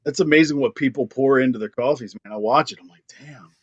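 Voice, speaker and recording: A man's voice: medium pitch, fast talker, slightly rough, dry recording, highs cut off. A young man from Pennsylvania, a drummer, telling a story in casual chat, laughing often and acting out the voices of people in it. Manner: animated, laughs often, acts out quoted lines. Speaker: band drummer, guest.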